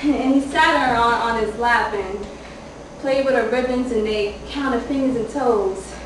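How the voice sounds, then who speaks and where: A woman's voice: fairly high pitch, unhurried, a little hiss or hum, natural voice. A woman playing a young mother telling a harrowing story in an intense stage monologue. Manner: intense dramatic monologue, shouting at peaks. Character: young mother telling of her children's father. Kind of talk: theater monologue. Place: theater stage. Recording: echoey hall from far off.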